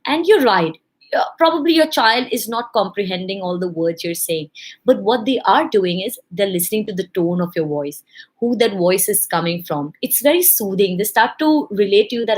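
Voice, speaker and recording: A young woman giving a casual, lively talk to parents, acting out what kids and parents say. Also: mid-range voice, normal speed. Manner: lively, animated, acts out parents and kids in quotes. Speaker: parenting educator.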